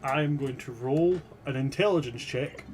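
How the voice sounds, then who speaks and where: A man's voice: mid-range voice, a little slow, a little mellow. A man playing a tabletop game, talking in a playful, rambling and self-mocking way. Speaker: player. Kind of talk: tabletop role-play banter.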